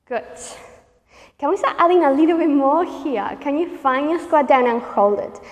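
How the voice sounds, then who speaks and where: A woman's voice: high-pitched, animated, moderate pace, big-room sound. A woman leading a pilates workout, encouraging and counting reps while out of breath. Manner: encouraging, counts reps, panting and laughing between cues. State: out of breath, sweaty. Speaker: pilates instructor. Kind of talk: guided workout instruction.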